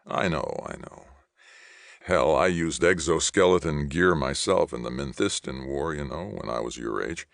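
Nervous kind father, middle-aged, soft and halting, read by a man, very deep and gravelly. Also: no echo, clean studio sound. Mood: hesitant. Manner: soft, hesitant.

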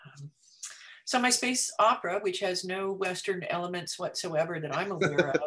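A woman's voice: lowish voice, moderate pace, fairly bright tone. A woman, an author and editor, chatting as a podcast guest, trailing off with fillers. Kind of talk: casual podcast chat.

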